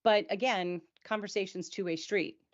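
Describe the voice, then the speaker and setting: A woman's voice: mid-range voice, fairly even intonation, moderate pace, muffled recording. A woman in a candid conversational chat, talking at length in a reflective way and often checking in with "right?". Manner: reflective, talks at length with frequent "right?" and "you know". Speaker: co-host of a patient support show.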